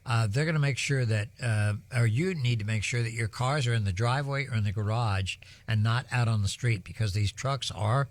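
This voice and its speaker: A man's voice: medium pitch, a little fast, few pauses, no room sound. An older man, telling stories during live storm coverage in a rambling, folksy way full of ums and uhs. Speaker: broadcast weather host.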